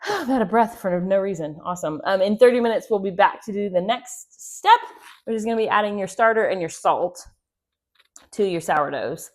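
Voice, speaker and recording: A woman's voice: mid-range voice, animated, normal speed. A chatty woman gives a casual cooking demonstration in her home kitchen, joking and laughing at herself as she works. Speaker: homestead host. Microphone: clip-on mic.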